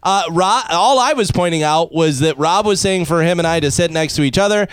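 A man's voice: on the high side, a little fast, smooth, no echo. A man co-hosting a radio show, mocking and playful in casual banter. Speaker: radio co-host.

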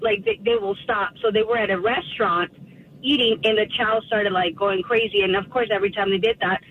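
A woman's voice: mid-range voice, fairly even intonation, a little fast. A woman calling in to a radio show, telling a story chattily with fillers. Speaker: caller. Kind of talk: casual chat on a call. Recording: tinny phone line with faint noise.

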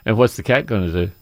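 A man hosting a gardening call-in radio show, telling travel stories in a folksy, chatty way and laughing often. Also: lowish voice. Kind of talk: casual radio chat. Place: radio studio.

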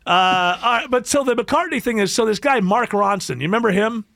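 A fairly high, gravelly man's voice carries this casual comedy podcast. He hosts with sarcasm and big swings in pitch, laughing as he goes. The sound is dry and close. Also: brisk, no room sound. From Rochester, New York. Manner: sarcastic, animated, laughs often. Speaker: podcast host.

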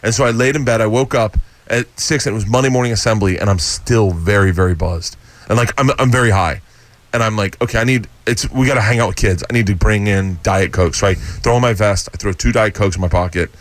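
Middle-aged guy rattling off a story super fast, acting out everybody's lines, podcast studio. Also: fairly low pitch, no echo. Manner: animated storyteller, acts out quotes. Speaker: comedian guest. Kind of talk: storytelling in casual chat.

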